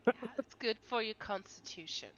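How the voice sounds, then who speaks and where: A woman's voice: fairly high pitch, normal speed, fairly bright tone, muffled recording. A woman playing an old halfling grandma in a tabletop game, playful and bouncy, often slipping into her character's voice. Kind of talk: tabletop role-play chat.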